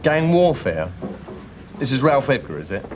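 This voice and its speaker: An actor playing a dry, dismissive senior police officer in a TV police drama. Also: male voice, medium pitch, very animated, moderate pace, background noise, natural voice.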